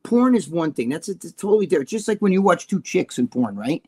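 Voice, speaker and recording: Middle-aged man with a New Jersey accent, livestream co-host, blunt and profane, a touch high-pitched. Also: sing-song, fast talker, darkish tone, husky. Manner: blunt, profane, storytelling with voiced quotes. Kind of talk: casual livestream chat.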